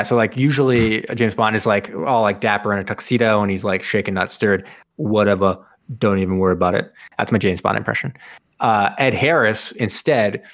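Gravelly man, casual trivia chat. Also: fairly low pitch, no echo, studio quality. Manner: rambling trivia telling with jokey asides. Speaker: podcast host.

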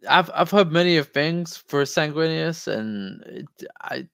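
A man with a New Jersey accent chats loosely on a podcast with a smooth, clean voice. The sound is dry and close, with no room around it. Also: a little high, animated, a little slow, a bit bright, no echo. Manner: loose and casual, says "yo" and "like", restarts. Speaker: podcast co-host. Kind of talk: casual chat.

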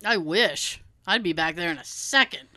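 A woman's voice: fairly low pitch, normal speed, no echo. A woman co-hosting a podcast in casual chat, telling stories with plenty of swearing and acting out what other people said. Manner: animated storyteller, swears freely, acts out quoted dialogue. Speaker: podcast co-host.

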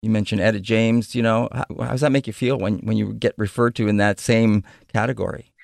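A man hosting a radio interview, asking questions in a measured way and reading station announcements. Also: lowish voice, steady tone, creaky, no echo. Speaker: radio host.

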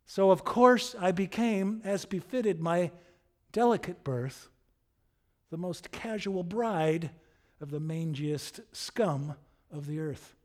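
A man's voice: sits high, slow pace, a little mellow, pitched above the performer's own voice. A man acting out a scornful tavern kitchen maid in a sermon, declaiming her lines with passion. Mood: bitter, pleading. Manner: impassioned, declaiming, bitter.

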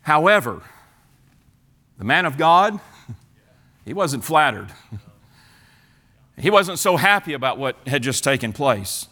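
A male pastor preaching a sermon, retelling the story in an animated way with many repeats and restarts. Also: a little high, takes it slowly, pauses often.

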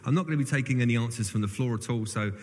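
A man's voice: medium pitch, very fast, darkish tone. A clergyman preaching an informal sermon to his congregation, chatty and self-deprecating. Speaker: church clergyman. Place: large reverberant church hall. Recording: long hall reverb.

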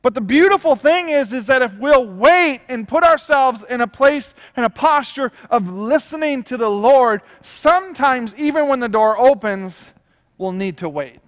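Man, pastor, emphatic sermon, repeats phrases, very high pitch, long hall reverb. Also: lively intonation, moderate pace, a bit bright.

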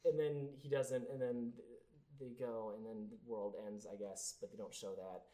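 A man's voice: on the low side, fairly even intonation, normal speed, mellow. A young man chatting casually about a film on a podcast, rambling with lots of fillers and trailing off. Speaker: podcast co-host. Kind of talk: casual movie review chat.

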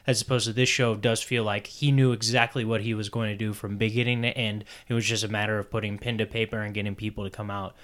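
A man's voice: fairly low pitch, little pitch movement, fast talker, few pauses, a bit bright. A man in a casual chat, enthusiastic and explaining at length.

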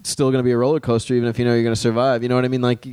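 A man co-hosting a podcast in casual chat, rambling and slowing down to retell scenes. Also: medium pitch, little pitch movement, a little mellow, smooth, no room sound. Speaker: podcast co-host.

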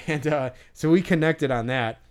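A man's voice: on the high side, measured pace, clean tone. A man co-hosting a podcast, telling a story in a rambling casual way with lots of fillers and restarts. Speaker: podcast co-host.

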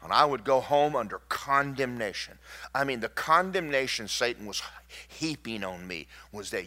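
A man, a pastor telling stories in a sermon, emphatic and swinging between loud and hushed. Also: medium pitch, animated, normal speed.

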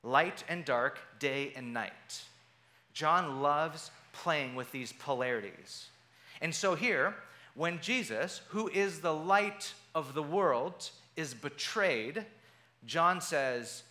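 Speaking slowly in a voice on the high side, a pastor brings a scripture passage to life in his sermon, telling it animatedly and briefly taking on the voices of its characters.

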